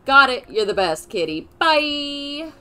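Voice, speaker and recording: A woman's voice: sits high, sing-song, slow, bright, forceful tone, soft background music, voice pushed up, exaggerated voice. A woman reading game dialogue aloud, voicing a chatty, boastful male chameleon who is a little nervous.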